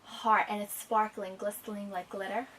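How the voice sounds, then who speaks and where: A woman teacher reading a picture book aloud to a child and stopping to explain it, slowing down to savor the descriptive lines. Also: mid-range voice, level tone, a bit bright, recorded from a distance, slight background noise.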